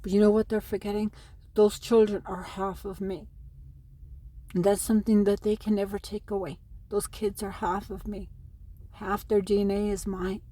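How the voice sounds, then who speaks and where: Middle-aged Irish woman, emotional plea to camera, mellow dark voice, flat delivery, dry close sound. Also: mid-range voice, normal speed. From Ireland. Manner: pleading, aggrieved, addresses her sons directly. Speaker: mother speaking to camera about custody. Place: at home in New Mexico.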